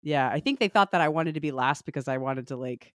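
A woman with a low voice talks quickly, recorded in a clean studio with no echo. She's an author appearing as a podcast guest, chatting casually in an interview and telling animated stories while laughing often.

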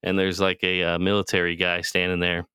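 A man's voice: low voice, completely flat delivery, a little fast, pushed and bright, clear, resonant tone, dry recording, clean studio sound. A man co-hosting a podcast, casually retelling a TV show in a rambling, profane way and acting out the characters' lines. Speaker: podcast co-host.

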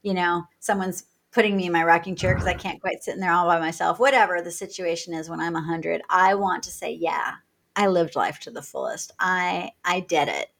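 A woman's voice: fairly low pitch, fairly quick, gravelly. This is a woman in conversation, talking with energy and humor. She laughs easily and jumps into little acted-out bits of dialogue as she tells her stories. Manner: energetic, laughs often, acts out quoted dialogue. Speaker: podcast guest. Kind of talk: animated conversational storytelling.

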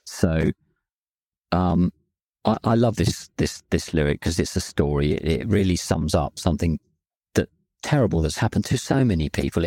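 A man, a songwriter in a band, talking in a halting, emotional way, often repeating words. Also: low voice, dark tone, breathy edge, no room sound. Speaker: lyricist and singer in a band. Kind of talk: reflective podcast chat.

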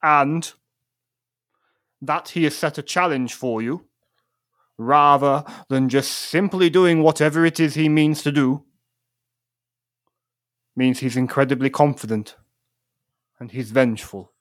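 A man voicing Santa Claus with a put-on Welsh accent, giving solemn, measured warnings. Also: a little high, dry recording, close to an everyday voice. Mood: grave.

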